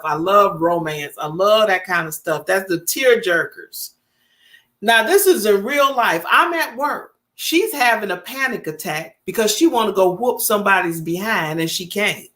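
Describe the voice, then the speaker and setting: A woman vlogger in her 50s chats casually on a live stream, her slightly high voice animated as she tells stories, laughs, and swoops dramatically.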